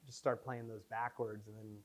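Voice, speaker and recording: A man's voice: lowish voice, flat delivery, moderate pace. A man, the filmmaker, telling rambling behind-the-scenes stories with lots of fillers at a Q&A after a screening. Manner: rambling anecdotes, many fillers, acts out quotes. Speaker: filmmaker answering audience questions. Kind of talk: casual post-screening Q&A. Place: screening room before an audience.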